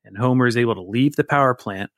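A man's voice: mid-range voice, quick pace, a bit bright, dry recording. A man in his forties talks openly and a little self-mockingly, with many restarts. His voice sits in the middle range and sounds dry and close. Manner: candid, rambling, self-deprecating. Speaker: guest. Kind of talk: casual interview storytelling.

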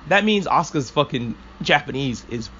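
Male podcast host, casual and profane, a rambling fan with a somewhat high voice; muffled mic, light hiss. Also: expressive, normal speed, sharp tone. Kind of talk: casual anime discussion.

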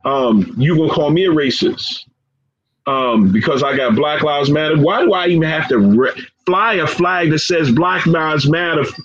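Impassioned man, slightly high, lo-fi sound. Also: moderate pace, crowd noise. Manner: earnest and impassioned, repeats phrases and says "man" often. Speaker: guest, professor and founder of a forgiveness organization. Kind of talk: emotional interview conversation. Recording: dull lo-fi sound with faint background noise.

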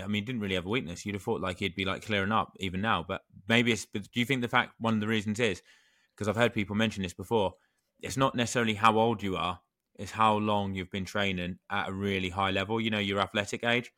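Young man, low voice, very fast, bright tone, dry close mic, casual chat. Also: fairly even intonation, dry recording. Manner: fast questioning, swears casually. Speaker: podcast co-host.

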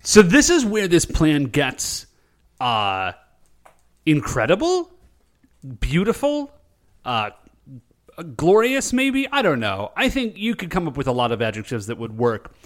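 A man co-hosting a casual chat, retelling a show with lively voiced quotes. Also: fairly high pitch. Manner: animated storytelling with quick voiced quotes. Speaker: podcast co-host recapping a show.

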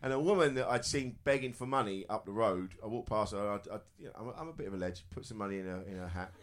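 A man's voice: lowish voice, animated, fast talker. A man telling a rambling anecdote on stage at a live comedy show, in a mild voice that never sounds aggressive. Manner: mild, unaggressive delivery.

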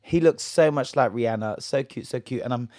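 A man's voice: medium pitch, brisk, a little mellow, no echo, studio quality. A man hosting a casual solo gossip podcast, chatty and jokey, swearing and rambling, a little tipsy. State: a bit tipsy. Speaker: podcast host.

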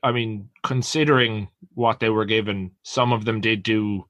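A man's voice: fairly low pitch, steady tone, normal speed, a bit bright, dry recording, highs cut off. A man co-hosting a podcast, chatting about a film in an easygoing, wry way. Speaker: podcast co-host. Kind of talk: casual chat, film review.

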